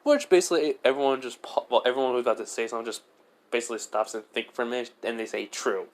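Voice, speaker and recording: A man's voice: medium pitch, fairly even intonation, very fast. A man telling an improvised fan story in a rambling way, full of fillers and self-corrections. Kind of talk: improvised fan-fiction narration.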